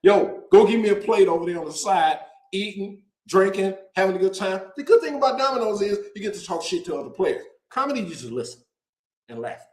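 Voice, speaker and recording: A man hosting a casual show, talking to viewers in an animated, joking way and drawing out words for emphasis. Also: high voice, brisk, roomy sound, rough recording. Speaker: host. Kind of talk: casual direct-to-camera promo talk.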